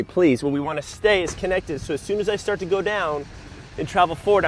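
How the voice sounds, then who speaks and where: A man's voice: a little high, slight background noise. A man coaching runners outdoors, upbeat and instructive as he demonstrates push-ups while talking. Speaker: running coach. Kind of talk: fitness demonstration. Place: outdoors near a park.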